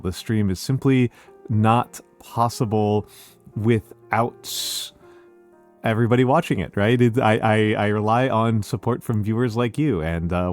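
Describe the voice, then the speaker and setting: Man chatting casually with stream viewers. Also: lowish voice. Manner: reads out viewer messages and greets each viewer by name; repeats short phrases over and over. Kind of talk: casual chat with a live audience.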